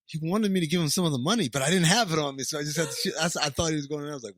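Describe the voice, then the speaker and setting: A man's voice: a little high, racing, hardly any pauses, fairly bright tone, dry recording, clean studio sound. A man co-hosting a podcast, riffing sarcastically in rambling asides. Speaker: podcast co-host. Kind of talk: casual chat, sarcastic commentary.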